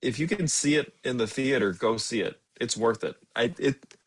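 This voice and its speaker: A young man co-hosting a movie podcast, chatting in a relaxed, agreeable way with casual swearing. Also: medium pitch, moderate pace, slightly rough. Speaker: podcast co-host. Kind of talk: casual chat.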